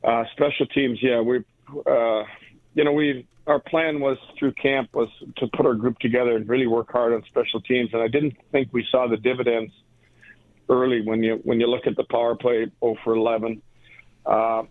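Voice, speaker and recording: A man's voice: medium pitch, no echo. Coach guy calling in, tinny phone sound, lots of uh and you know. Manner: halting, filler-heavy answers. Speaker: hockey coach guest. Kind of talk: phone interview.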